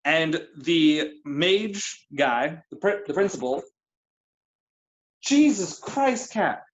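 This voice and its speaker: A man narrating as game master for a tabletop game, talking in a halting way with many fillers. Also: fairly high pitch, expressive, fairly bright tone, highs cut off.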